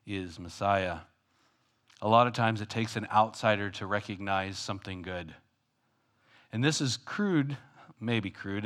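A male pastor delivering a conversational, self-deprecating sermon, swinging between loud and hushed. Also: fairly low pitch.

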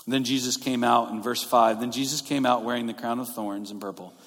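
A man's voice: mid-range voice, fairly even intonation, fairly quick, a bit bright. A male pastor preaching a sermon in a conversational way, explaining scripture verse by verse. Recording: long reverb of a large hall.

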